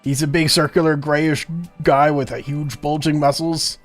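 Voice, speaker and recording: A man's voice: on the high side, flat delivery, moderate pace, faint music behind, close to an everyday voice. A man voicing a pushy male space pirate in a plain, blunt voice. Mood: demanding.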